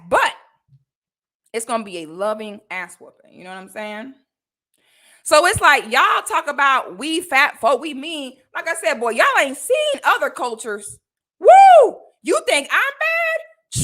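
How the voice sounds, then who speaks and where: A woman's voice: high-pitched, bright, forceful tone. A young woman from Florida, ranting profanely and animatedly on a livestream. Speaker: streamer.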